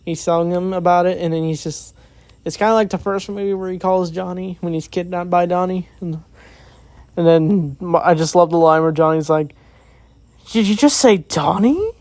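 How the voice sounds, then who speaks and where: A man's voice: sits high, level tone, moderate pace, darkish tone, dry recording. Rambling man recapping a movie plot. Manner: rambling, many fillers, acts out quoted lines. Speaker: movie reviewer. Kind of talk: casual spoken plot recap.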